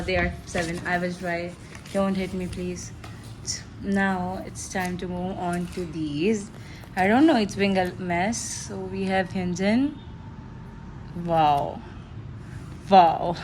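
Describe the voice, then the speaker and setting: A woman's voice: medium pitch, a little hiss or hum. A teenage girl, chatting casually and gushing through an unboxing, often giggling. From Pakistan. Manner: gushing, giggly, excitable fan talk. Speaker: vlogger.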